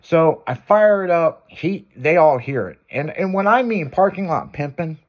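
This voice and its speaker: Crude, animated radio host man. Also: fairly high pitch, unhurried. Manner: loose, crude, animated storyteller. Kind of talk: casual profane storytelling.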